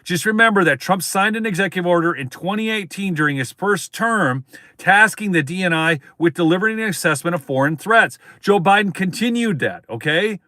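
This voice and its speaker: Male stream host, higher-pitched, emphatic and repetitive, dry close-miked sound. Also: lively intonation, brisk, pushed and bright, no echo. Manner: emphatic, repeats points, addresses viewers as folks. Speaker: political commentary host. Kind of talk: live-stream political commentary.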